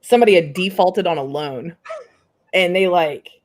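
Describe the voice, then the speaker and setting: A woman's voice: fairly low pitch, normal speed. Chatty, giggly woman host. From central Indiana. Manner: chatty, rambling, giggly, heavy filler words. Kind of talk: casual chat.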